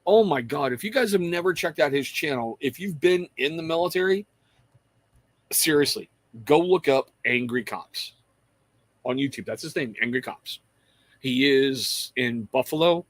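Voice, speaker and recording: A man's voice: fairly high pitch, lively intonation, normal speed, dry recording. Casual rambling male livestream host. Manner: rambling, reads out viewer names, swears casually. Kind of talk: casual livestream chat with viewers.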